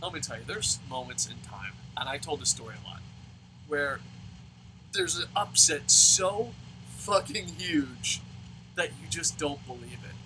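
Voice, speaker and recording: A man from New Jersey reviewing a wrestling show in a loud, profane, laughing rant that jumps into high shouts. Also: lively intonation, unhurried, noisy background. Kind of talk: profane animated ranting review.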